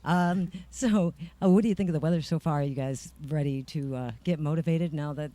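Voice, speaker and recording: Upbeat radio host. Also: male voice, fairly high pitch, a little fast, warm tone. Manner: upbeat, laughs often, playful. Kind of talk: casual backstage radio interview. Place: festival backstage.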